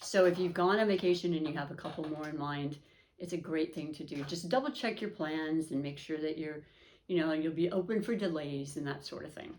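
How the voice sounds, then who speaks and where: A woman's voice: deep voice, a little fast, a little mellow, a little hiss or hum. A woman hosting an astrology and tarot reading, talking to viewers in a chatty, upbeat way with many fillers and restarts. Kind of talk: casual spoken reading to camera.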